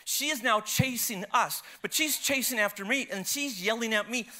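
A man preaching a sermon and telling a personal story, swinging from loud, animated retelling to hushed, tearful passages. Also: extremely high pitch, normal speed, hardly any pauses. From United States.

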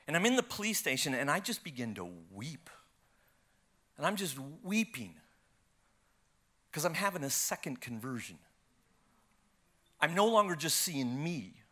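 A man preaching, his voice pitched high and ringing bright. He tells his story with wide leaps of pitch, surging loud and then dropping to a hush, like a practiced storyteller from the pulpit. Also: moderate pace, long pauses. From United States. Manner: animated storyteller, swings from loud to hushed. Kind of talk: sermon with a personal story.

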